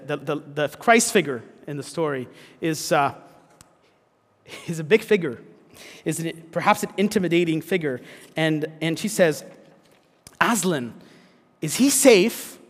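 Man, pastor, sermon, earnest, restarts, high voice, reverberant hall. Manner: earnest preaching with frequent restarts and fillers.

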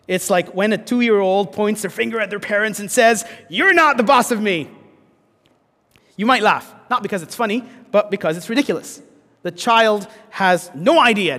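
A man's voice: high-pitched, fairly bright tone, in a large hall. A man preaching a sermon in an earnest way, with frequent restarts and fillers. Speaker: pastor.

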